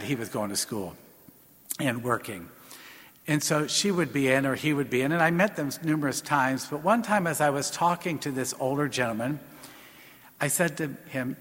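Priest preaching in a reverberant church. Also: male voice, medium pitch, fairly bright tone. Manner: unhurried storytelling, retelling quotes with "and he said". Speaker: parish priest. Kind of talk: sermon with a personal story.

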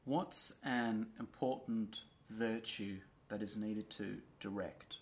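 A man hosting a podcast, talking in a relaxed, rambling way and swearing casually. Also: lowish voice, slow pace. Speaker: podcast host.

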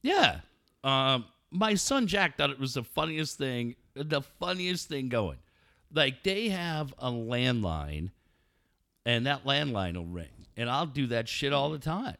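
A man's voice: medium pitch, very animated, slow, gravelly, bright, forceful tone. A middle-aged man co-hosting a podcast in crude casual chat, profane and mocking, laughing often. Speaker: podcast co-host.

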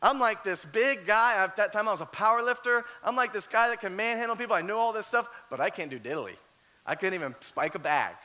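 Guy preaching a sermon, high pitched, repeats himself, animated stories. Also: brisk. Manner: animated storyteller who often repeats words. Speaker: pastor.

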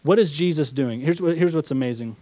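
Pastor preaching, higher-pitched man, dry sound. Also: a little fast, warm tone, no room sound. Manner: reads scripture then explains it with rhetorical questions; acts out the disciples' doubts in quoted asides. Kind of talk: sermon.

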